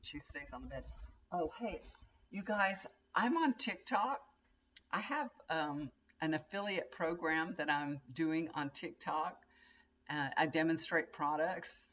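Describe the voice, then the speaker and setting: A woman's voice: low voice, lively intonation, measured pace, fairly bright tone. Older lady rambling on at her desk, home webcam sound, a bit dull and lo-fi. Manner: rambling, chatty storytelling with laughs. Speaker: tarot reader and vlogger. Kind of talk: casual chat to camera. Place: bedroom at home, indoors.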